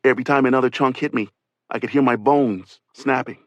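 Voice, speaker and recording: A man giving a measured, grave first-person reading for an audiobook. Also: mid-range voice, fairly even intonation, no room sound. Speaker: audiobook reader.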